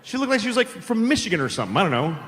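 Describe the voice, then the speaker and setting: A man's voice: sits high, very animated, rapid-fire, fairly bright tone. A man doing a stand-up comedy set, telling rambling, profane stories in a loose conversational way. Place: large theater stage. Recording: long hall reverb with audience noise.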